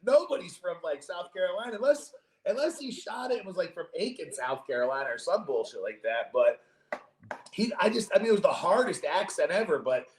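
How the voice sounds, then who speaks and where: A young man hosting a podcast in casual chat, animated, jokey and swearing freely. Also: high-pitched, a little fast. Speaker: podcast host. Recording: roomy echo.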